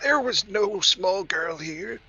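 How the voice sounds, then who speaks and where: A man playing a tabletop game, with a high, husky voice that swings lively up and down. He answers in a breezy way, in character. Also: takes it slowly, muffled recording. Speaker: player. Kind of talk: casual tabletop game play.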